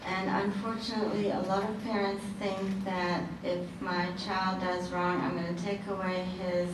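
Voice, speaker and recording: A woman panelist answering an audience question in a measured way. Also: medium pitch, level tone. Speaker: workshop panelist. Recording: very echoey hall, distant mic, noise.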